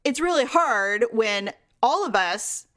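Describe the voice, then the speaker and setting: Speaking slowly in a slightly high voice, a middle-aged podcast co-host tells a family story during casual conversation. She brings it to life by performing the voices of the people she quotes and laughs frequently.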